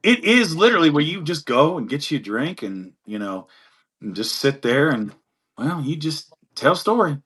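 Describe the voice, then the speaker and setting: A man's voice: on the high side, sing-song, moderate pace, a bit bright, husky. A tired man with an East Tennessee twang, spinning rambling folksy stories in a casual panel chat. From East Tennessee, USA.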